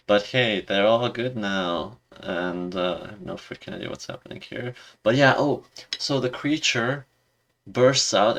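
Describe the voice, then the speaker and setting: Gravelly low-voiced sarcastic man. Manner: sarcastic, exasperated, rambling. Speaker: video reviewer. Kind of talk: casual ranting review.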